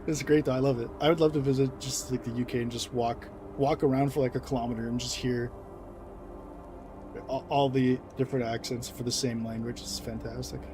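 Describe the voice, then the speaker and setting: A man's voice: medium pitch, fairly even intonation, normal speed, noisy background. Rambling young man chatting over a game. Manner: rambling, many fillers, laughs often. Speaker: gaming video creator. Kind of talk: casual commentary over gameplay.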